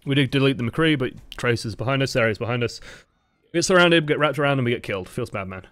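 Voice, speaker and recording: A man with a mid-range voice talks through game footage as a coach, relaxed and loose, circling his points with fillers and restarts. The sound is dry and close, with no room around it. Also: mid-range voice, quick pace, no room sound. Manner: relaxed and rambling, lots of fillers, self-corrections. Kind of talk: casual gameplay review commentary.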